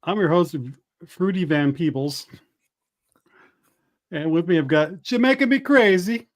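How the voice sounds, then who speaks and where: Man, podcast host, slightly high voice, jokey banter, casual. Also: unhurried. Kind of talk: casual comedy podcast chat.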